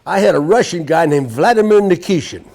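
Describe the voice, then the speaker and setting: Brash high-voiced male sales trainer. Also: lively intonation, fairly quick, gravelly, darkish tone. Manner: brash, profane storytelling. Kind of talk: live seminar lecture. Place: seminar room with audience.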